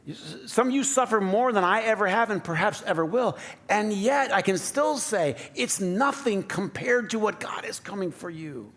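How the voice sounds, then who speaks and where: A man's voice: sits high, expressive, moderate pace, hardly any pauses, a bit bright. A man preaching a sermon to his congregation in a conversational, playful way, often asking the room questions. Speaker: pastor. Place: church sanctuary.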